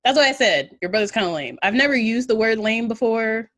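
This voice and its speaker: A woman's voice: on the high side, lively intonation, a little fast, fairly bright tone, no room sound, studio quality. A slightly tipsy woman telling a story in casual podcast chat, loose and laughing, with plenty of ums and swearing. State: a little tipsy. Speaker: podcast co-host.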